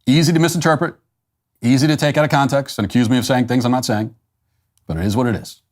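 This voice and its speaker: A man hosting a commentary show, delivering a measured, emphatic opinion monologue and slowing down to stress his points. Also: medium pitch. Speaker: political commentary show host.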